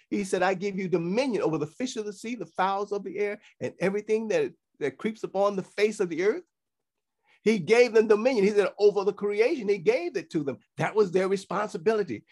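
A man teaching a sermon, reading scripture aloud and explaining it to his listeners, often restarting phrases and checking in with "okay". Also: sits high. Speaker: teacher of a congregation.

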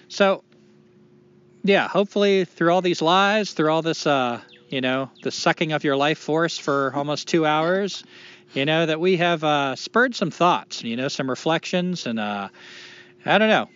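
A man's voice: on the high side, expressive, measured pace, a bit bright. Male podcast co-host, rambling self-deprecating delivery with casual swearing, dull lo-fi recording.

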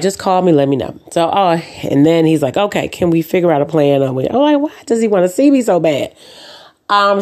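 Podcast host, woman with a deep speaking voice; chatty storyteller who acts out dialogue, many ums and uhs. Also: a little mellow. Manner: says "um" and "uh" often. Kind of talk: casual chat.

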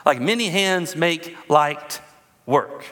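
A man in his thirties, a pastor preaching a sermon with animated storytelling and calls to the congregation. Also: fairly high pitch, takes it slowly, in a large hall.

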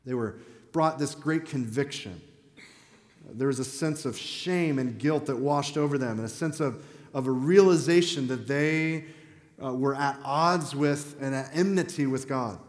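A man's voice: mid-range voice, measured pace. A man preaching a sermon as pastor in a church, talking in a conversational but emphatic way. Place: church sanctuary. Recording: echoey hall reverb.

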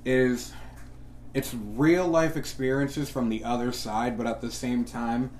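A man's voice: medium pitch, measured pace. Male podcast co-host, loose and profane, jokey storyteller, a little background hiss. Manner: profane, joking, animated storytelling. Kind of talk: casual podcast chat.

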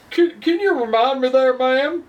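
A woman's voice: high-pitched, a little mellow, recorded from a distance, voice pushed up. A woman voicing a self-important southern charmer who talks in a sugary, drawling way, recorded a little off-mic.

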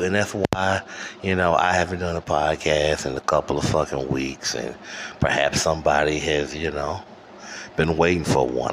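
Detroit guy ranting on his podcast, super deep voice, slow and cussing, ac humming faint in the background. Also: a bit bright. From Detroit, USA. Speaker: podcast host. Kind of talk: solo ranting monologue. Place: home room with air conditioner running. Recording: faint air conditioner hum. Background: faint air conditioner hum.

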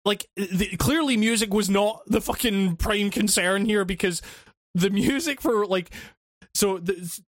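A man's voice: sits high, measured pace, no echo, studio quality. A man on a podcast, ranting casually with lots of swearing, fillers and restarts. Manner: rambling, profane, many restarts and fillers. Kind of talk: casual chat.

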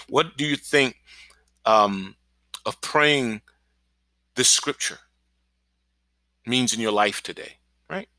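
A male pastor giving an encouraging podcast sermon, energetic and often checking in with "right?". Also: medium pitch, slow, long pauses, no echo. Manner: energetic, keeps asking "right?".

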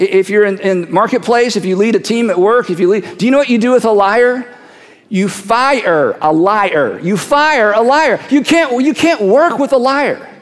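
A man preaching a sermon to a congregation, animated, acting out voices and repeating phrases for emphasis. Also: high voice. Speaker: pastor. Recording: long reverb of a large hall.

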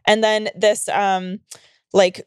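A woman's voice: medium pitch, takes it slowly, clear, resonant tone, no room sound, studio quality. A young woman co-hosting a podcast, telling stories in a casual, profane way and acting out the people she quotes. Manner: animated storytelling with acted-out quotes, profane. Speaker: podcast co-host.

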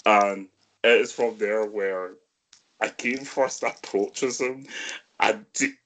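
A man hosting a casual film review chat, often breaking into high giggles. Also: takes it slowly, a bit bright. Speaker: podcast host.

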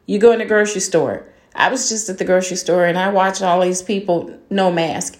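An older woman, a grandmother, rants with open anger, swearing and hammering her listeners with rhetorical questions. Her voice sits at a middle pitch. She records in a room that gives it a roomy echo. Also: steady tone, fairly quick. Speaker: podcast host. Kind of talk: angry monologue rant.

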